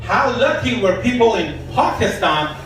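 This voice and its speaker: An Iranian man performing a live stand-up set in a lounge, telling deadpan stories and quoting the people in them. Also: high voice, unhurried. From Iran. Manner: deadpan storytelling, quoting people in his jokes. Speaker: stand-up comedian. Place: comedy lounge stage. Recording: echoey room from far off, faint noise.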